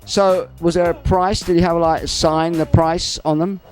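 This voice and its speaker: A man with a slightly high voice asking puzzled, naive questions in the middle of comic banter. Faint music plays behind him. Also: steady tone, moderate pace, darkish tone. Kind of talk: comedic onstage banter.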